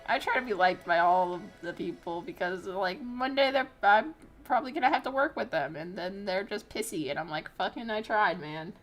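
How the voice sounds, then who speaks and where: A woman's voice: mid-range voice, animated, a little fast, soft background music. A young woman telling a story casually as a streamer, profane and exasperated, with laughing squeals. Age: young adult.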